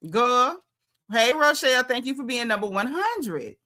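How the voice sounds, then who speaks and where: Sassy Southern woman with a bright, forceful voice. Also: a little high, animated, unhurried. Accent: Southern American. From Southern United States. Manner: sassy, emphatic, colloquial. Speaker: show recap host. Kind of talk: casual livestream commentary.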